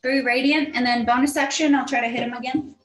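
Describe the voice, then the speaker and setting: A woman's voice: sits high, steady tone, fast talker. A woman playing in a tabletop game, thinking aloud and hesitating as she adds up her dice. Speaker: player. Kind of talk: casual tabletop game play. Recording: roomy echo.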